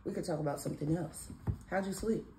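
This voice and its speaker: A mother and vlog host chats playfully with her son at home in the morning, teasing him in a sing-song way. Her fairly low, mellow voice moves fast, and the phone recording picks up an echoey room with faint background noise.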